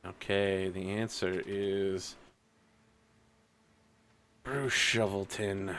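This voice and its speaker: A man's voice: on the low side, measured pace, a bit bright, slight background noise. A man improvising a scene in a tabletop roleplaying game, narrating loosely and searching for words.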